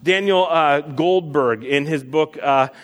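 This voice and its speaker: A young male pastor preaches a sermon in a relaxed, conversational way, with fillers and false starts. His voice sits a little high for a man. It carries a long reverb, as if the sermon is being given in a church hall. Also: slow.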